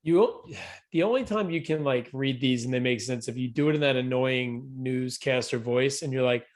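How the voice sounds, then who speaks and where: Exasperated profane comedian guest. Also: male voice, mid-range voice, moderate pace. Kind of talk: crude comedy podcast banter.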